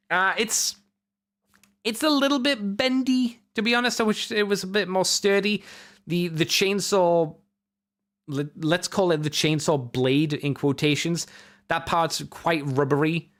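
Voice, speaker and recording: A man's voice: high-pitched, a little slow, a bit bright. A man hosting a podcast, chatting casually in a rambling, self-correcting way as he reviews toys. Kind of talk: casual solo review chat.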